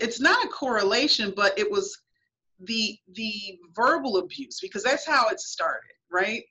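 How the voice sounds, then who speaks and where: On lo-fi radio audio, a guest author speaks in a woman's sharp, fairly high voice. Appearing on a talk show, she tells her own story earnestly and emphatically, acting out the thoughts she once had.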